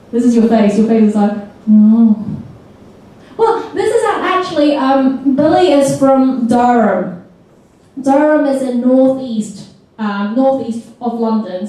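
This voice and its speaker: Woman teacher, high voice, lively and questioning, echoey school hall, distant mic. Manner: lively, asks the audience questions, mimics accents. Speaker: teacher leading a seminar for teachers. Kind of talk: interactive teaching talk.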